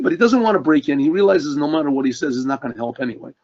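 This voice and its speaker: Husky-voiced rabbi telling a story. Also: male voice, fairly high pitch, racing, few pauses. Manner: earnest, animated storytelling with throat clearing. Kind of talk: storytelling sermon. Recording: dull lo-fi recording.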